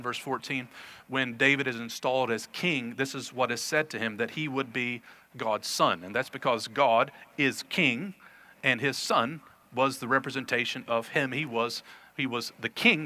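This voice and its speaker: Male pastor, bright voice, earnest sermon delivery with emphatic scripture reading. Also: medium pitch. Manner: earnest preaching, reads scripture aloud with emphasis.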